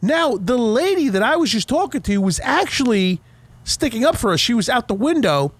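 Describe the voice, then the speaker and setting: A young man co-hosting a podcast, telling a profane, animated story in casual chat. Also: extremely high pitch, moderate pace, no room sound. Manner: profane, animated retelling with heated quoted outbursts. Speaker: podcast co-host.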